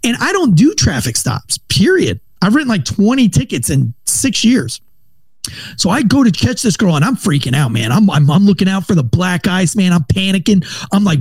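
A man in his thirties, a former police officer, telling a profane, animated story in casual podcast chat. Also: sits high, moderate pace, breathy edge, dry recording.

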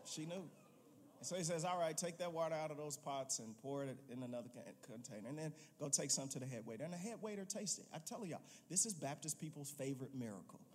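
A male pastor preaching a sermon, telling the story with animated, playful asides and building to emphatic calls. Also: fairly high pitch, fairly quick, a little hiss or hum. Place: church sanctuary. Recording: long reverb in a large sanctuary.

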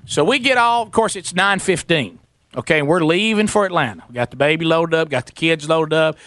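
A middle-aged man hosting a talk show spins a long story with lively energy. His voice sits a little high and has a bright, forceful edge. The sound is dry and close, with no room around it. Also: brisk, dry recording. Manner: animated, acts out both sides of the story. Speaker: radio show host.

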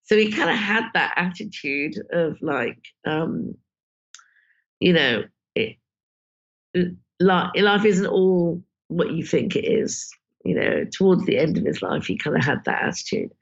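A woman's voice: fairly low pitch, expressive, a little slow. A woman film director, talking casually and emotionally in an interview, full of "you know" fillers. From Britain. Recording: dull lo-fi sound.

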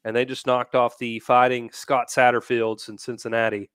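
Male producer, sets up clip, smooth voice, dry close sound. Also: medium pitch, level tone, fairly bright tone, no room sound. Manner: brisk, matter-of-fact setup. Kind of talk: introducing a clip.

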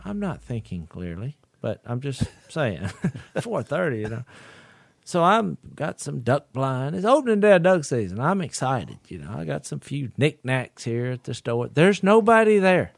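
Animated man telling a story. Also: medium pitch, moderate pace, creaky, no echo, studio quality. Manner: folksy, animated, laughs through his stories. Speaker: podcast co-host. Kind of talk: casual storytelling chat.

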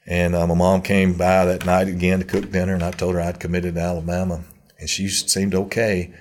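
Guy in his 50s, real low voice, rambles through his old stories and acts out what folks said. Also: completely flat delivery, a little fast, darkish tone, a little hiss or hum. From Mississippi. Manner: rambling anecdotal, acts out quotes. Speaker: guest. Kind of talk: storytelling interview.

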